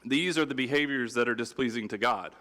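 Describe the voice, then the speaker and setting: A man's voice: medium pitch, fairly quick, fairly bright tone. Man preaching casually in a reverberant hall. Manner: conversational, humorous, acts out quotes. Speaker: pastor. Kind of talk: sermon.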